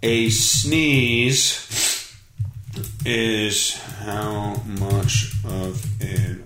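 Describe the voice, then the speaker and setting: A man's voice: creaky, fairly bright tone. A man hosting a casual solo podcast, reading news aloud and ranting about it sarcastically. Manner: sarcastic, ranting, swings up and down in pitch. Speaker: podcast host. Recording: roomy echo.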